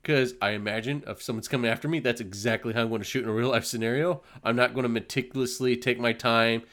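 A man's voice: mid-range voice, steady tone, fast, a bit bright. A man co-hosting a casual chat, telling stories animatedly and laughing often.

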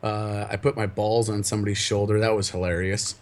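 A man co-hosting a podcast who tells rowdy stories in a loud, giggly, casual chat. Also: on the low side, flat delivery, fairly quick. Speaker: podcast co-host.

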